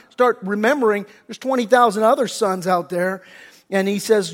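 A male pastor preaching a sermon, animated and conversational, acting out quotes with loud bursts and hushed wails. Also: high voice, normal speed.

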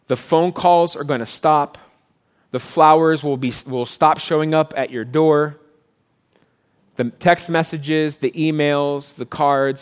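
A man preaching as pastor, conversational, rising for emphasis and dropping soft and low to console. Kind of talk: sermon.

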